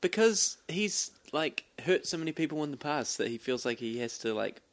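A man's voice: a little high, lively intonation, normal speed, dry recording. A man co-hosting a podcast in casual chat, who giggles through his sentences. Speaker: podcast co-host.

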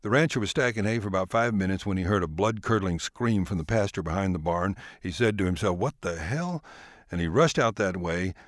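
Deep-voiced storyteller. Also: male voice, fast talker, hardly any pauses, no room sound, clean studio sound. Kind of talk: scripted storytelling narration.

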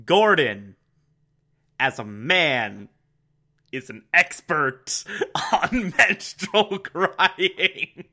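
A man's voice: mid-range voice, bright, forceful tone, smooth. A man casually recapping a TV episode, chatty, laughing often and swearing.

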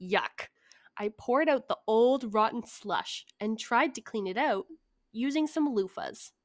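Young woman, podcast co-host, giggly story reader, slightly high voice, dry close mic. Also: expressive, measured pace, no room sound. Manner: giggly, reads stories with asides. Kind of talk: casual chat and story reading.

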